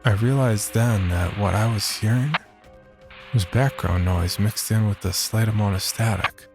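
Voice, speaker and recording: A man narrating a first-person horror story in a measured, steady voice. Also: fairly low pitch, vocal fry, over music.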